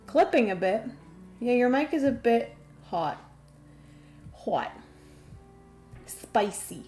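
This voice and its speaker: A young woman hosting a livestream, chatting casually with viewers in a bubbly, excitable way and laughing often. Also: on the high side, slow, pauses often, soft background music. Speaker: livestream host. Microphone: desk microphone.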